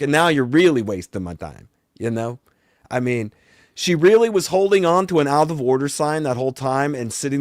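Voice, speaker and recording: A man's voice: on the high side, no echo, clean studio sound. A man playing a boastful vampire talk-show host, telling a rambling, exasperated story and swearing along the way. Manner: rambling and exasperated, swears, voice often climbs and grows loud. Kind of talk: comedic rant.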